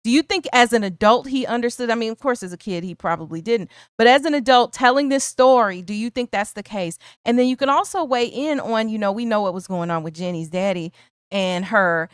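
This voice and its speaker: A woman's voice: fairly high pitch, a little fast, smooth, no room sound, studio quality. Chatty woman co-hosting a film discussion. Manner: chatty, poses prepared questions with many fillers. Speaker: co-host of a film discussion stream.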